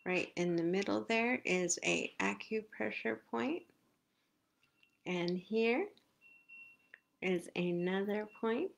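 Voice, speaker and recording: A woman leading a live guided face massage session, giving slow, soothing step-by-step cues. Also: mid-range voice, lively intonation, creaky, a little hiss or hum. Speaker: self-care instructor.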